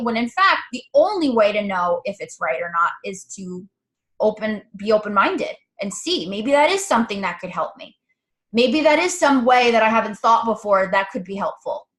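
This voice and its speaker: Chatty woman coaching with a fairly high voice. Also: fairly bright tone. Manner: candid, chatty, swears casually. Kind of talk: casual motivational talk.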